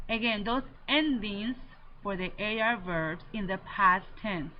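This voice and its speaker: Woman teacher drilling verb endings slowly. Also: medium pitch. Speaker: Spanish teacher. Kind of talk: recorded classroom lesson. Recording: slightly dull lo-fi audio with faint noise.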